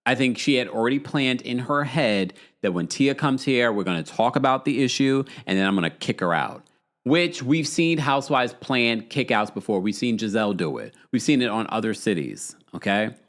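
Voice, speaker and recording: A man's voice: medium pitch, moderate pace. A man in his forties hosting a casual podcast, recapping reality TV in a chatty way and reading out viewers' comments. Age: 40s. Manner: animated and chatty, with frequent restarts and asides to viewers. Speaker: podcast host.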